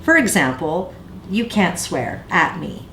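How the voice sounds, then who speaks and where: A woman's voice: lowish voice, big pitch swings, slow pace, gravelly, fairly bright tone. A woman co-hosting a parenting talk, affirming and agreeing often as she shares her own experience as a mother. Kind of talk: conversational discussion on parenting. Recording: echoey room with faint noise.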